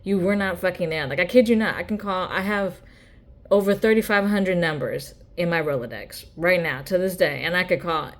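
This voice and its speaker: A woman's voice: lowish voice, normal speed. A woman ranting bluntly in a casual vlog monologue, swearing freely. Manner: blunt, profane rant with mocking quoted voices. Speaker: vlogger.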